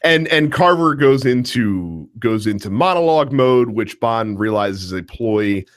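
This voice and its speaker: Animated man, lively swinging pitch. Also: unhurried. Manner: animated, laughing, filler-heavy with many restarts. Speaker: podcast co-host. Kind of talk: casual movie discussion.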